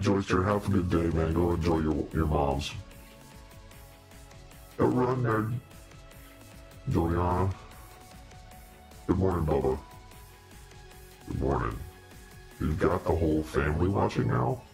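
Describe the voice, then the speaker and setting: Very deep-voiced man joking on a livestream. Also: expressive, takes it slowly, vocal fry, pauses often, darkish tone, faint music behind. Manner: rambling, joking, talks to viewers. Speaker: livestream host in demon persona. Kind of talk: casual livestream chat.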